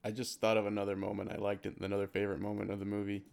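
A man's voice: on the low side, completely flat delivery, very fast, gravelly, a little mellow, smooth. A man co-hosting a podcast, bluntly chatting about a film and laughing through his own stories. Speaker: podcast co-host. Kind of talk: casual movie review chat. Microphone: remote call microphone.

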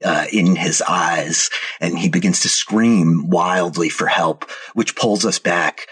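A man narrating a tabletop game as game master, telling the scene slowly and descriptively. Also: low-pitched, fairly bright tone. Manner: slow, descriptive storytelling.

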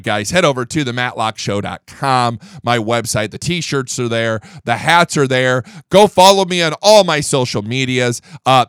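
A man hosting a political podcast, combative and sarcastic, swinging between loud outbursts and low muttered asides into a close mic. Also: no echo. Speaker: podcast host. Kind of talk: opinionated political commentary.

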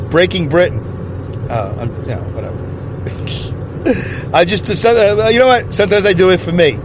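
A man's voice: high voice, background noise. An American man hosting a podcast alone in his car, rambling and joking with frequent chuckles. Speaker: podcast host. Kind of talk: solo comedic monologue podcast.

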